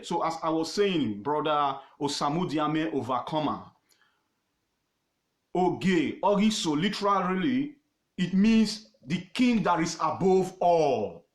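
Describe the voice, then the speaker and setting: A man with a Nigerian accent teaching history informally on his own page, emphatic and repetitive, pausing often with fillers. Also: fairly high pitch, reverberant. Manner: emphatic, repeats words, pauses with fillers.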